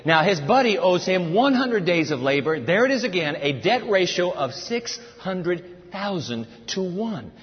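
Animated male preacher in an echoing hall. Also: high-pitched, a little slow, hardly any pauses. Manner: animated and emphatic, tells listeners to take notes. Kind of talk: sermon teaching from scripture. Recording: reverberant hall, dull lo-fi sound.

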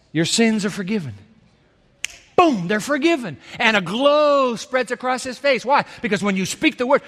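A man preaching a sermon emphatically, repeating key phrases and swinging from quiet to loud. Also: high-pitched. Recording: hall reverb.

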